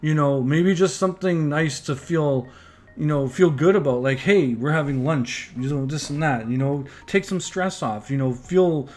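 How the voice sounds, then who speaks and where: A man's voice: fairly high pitch, normal speed. A Canadian man casually telling a work story, rambling and swearing as he retells what people said. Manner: rambling, profane, animated retelling with quoted voices. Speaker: podcast host.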